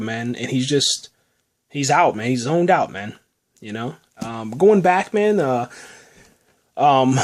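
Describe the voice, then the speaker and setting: Rambling man recapping a TV episode. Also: medium pitch. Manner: rambling, says "man" and "you know" constantly; excitable, enthusiastic about the show. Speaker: podcast host reviewing a TV episode. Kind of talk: casual spoken recap.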